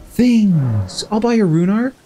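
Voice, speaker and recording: Playful, giggly gaming streamer man. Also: high-pitched. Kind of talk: live let's-play commentary.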